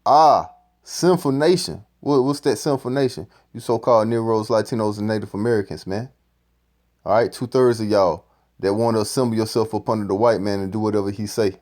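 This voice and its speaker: A man's voice: lowish voice, steady tone, brisk, darkish tone. Profane ranting male preacher. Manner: ranting, profane, repeats "man". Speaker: street-style preacher commenting on a clip. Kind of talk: profane scripture commentary.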